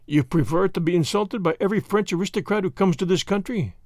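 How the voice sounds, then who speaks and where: A man voicing a sly, insinuating male French spy who speaks slowly and low in a storybook reading. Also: a little mellow, no echo, studio quality, lightly acted.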